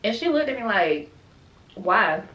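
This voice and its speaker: A woman with a fairly low voice tells her story in a loose, chatty vlog style and keeps turning to her viewers. The sound is roomy and echoey. She is picked up from some distance from the mic. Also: moderate pace, a bit bright, highs cut off. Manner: chatty, talks straight to viewers with frequent asides. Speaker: mother sharing her birth story.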